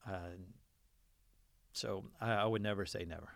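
A man's voice: lowish voice, fairly even intonation, measured pace, gravelly, dry recording. A man in his forties, a teacher, telling a long folksy story in a casual interview and acting out the quotes. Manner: folksy, self-deprecating storyteller who acts out quotes.

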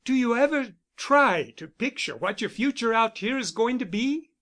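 A man's voice: very high voice, expressive, moderate pace, fairly bright tone, voice pushed up. A man reading the part of a persuasive, insistent suitor who speaks with urgent, coaxing force.

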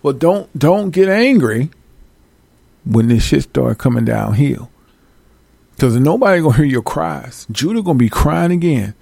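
Blunt gravelly man preaching warnings. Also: fairly high pitch, lively intonation, measured pace, warm tone, no room sound. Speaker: religious teacher addressing followers. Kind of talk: casual street-style preaching.

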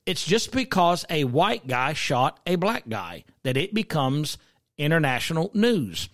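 A man's voice: fairly high pitch, very animated, a little slow, a bit bright. A middle-aged man, from South Carolina, hosting a podcast and giving opinionated commentary in a conversational way, asking listeners questions and telling stories from his own life. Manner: conversational, asks listeners questions, storytelling asides. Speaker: podcast host.

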